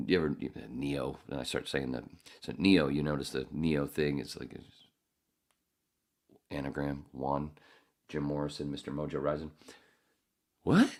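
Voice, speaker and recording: A man hosting a podcast in a rambling, profane casual monologue, now and then jumping into loud high voices. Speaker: podcast host.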